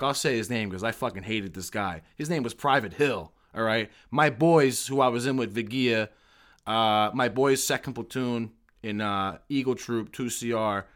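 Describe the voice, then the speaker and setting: A man, an army veteran, telling profane, animated stories in a casual chat. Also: medium pitch.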